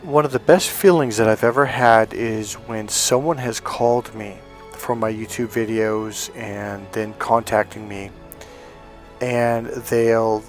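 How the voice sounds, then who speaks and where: Man, middle-aged, casual storytelling, animated, quotes people in acted voices, soft music underneath. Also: lowish voice. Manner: animated, acts out quoted voices, many fillers. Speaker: relationship coach.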